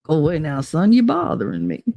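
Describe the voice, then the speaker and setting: A woman's voice: deep voice, big pitch swings, brisk, creaky, warm tone, dry recording, exaggerated voice. A woman voicing a blustering, bossy old cartoon rooster who drawls and repeats himself. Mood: shooing.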